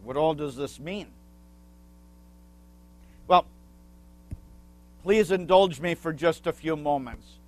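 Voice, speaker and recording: A male pastor preaches at an unhurried, deliberate pace, his voice a little high for a man and a little mellow. He teaches with small asides and asks the congregation questions, waiting for their answers.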